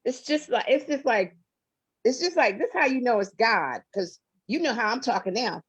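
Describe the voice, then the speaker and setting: Animated, expressive woman singer. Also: a little high, moderate pace, breathy edge, dull audio. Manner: expressive, emphatic, laughs often. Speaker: guest singer. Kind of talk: animated interview storytelling.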